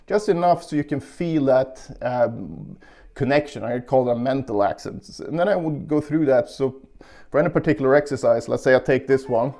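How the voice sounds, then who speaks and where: A man giving a casual guitar lesson, explaining technique calmly and counting beats aloud, with guitar playing behind him. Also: medium pitch, creaky. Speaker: guitar teacher.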